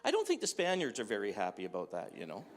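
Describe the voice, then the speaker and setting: A man's voice: fairly low pitch, wildly swooping pitch, fast. A man giving a humorous sermon in a conversational, joking way, full of rhetorical questions. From Dutch heritage. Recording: echoey hall with long reverb.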